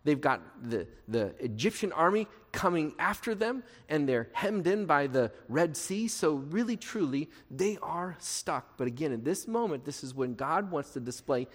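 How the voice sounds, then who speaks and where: A pastor delivers a sermon in a large hall whose long reverb trails after his words. His voice is fairly high and he speaks at normal speed with hardly any pauses, preaching in a conversational, animated way full of rhetorical questions.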